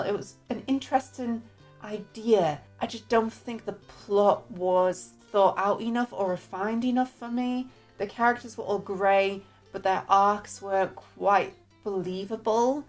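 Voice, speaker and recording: A woman giving a casual spoken book review, chatty and a little hesitant, often hedging her opinions. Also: mid-range voice.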